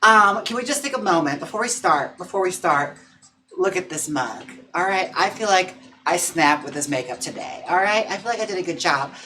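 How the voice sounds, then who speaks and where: A man's voice: high-pitched, animated, fairly quick, pushed and bright. A drag queen hosting a casual livestream, chatting playfully and campily with viewers. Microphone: own mic.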